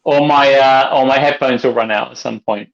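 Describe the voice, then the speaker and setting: Excitable man on a dull call. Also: mid-range voice, moderate pace, vocal fry. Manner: excitable, swearing. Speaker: co-host. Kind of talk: tipsy casual chat over cocktails.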